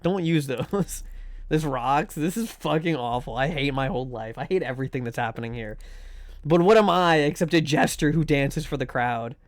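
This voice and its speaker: A man's voice: mid-range voice, moderate pace, no room sound. A man live-streaming a game, joking, swearing and rambling while reacting to his chat. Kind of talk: casual live-stream commentary while gaming.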